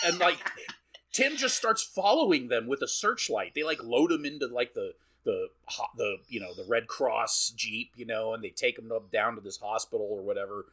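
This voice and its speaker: A man co-hosting a podcast walks through a film scene by scene, his bright voice swinging up and down as he acts out the characters. He talks casually and swears freely. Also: medium pitch. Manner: animated, swearing, acting out characters' lines. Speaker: podcast co-host. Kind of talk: casual chat recapping a film.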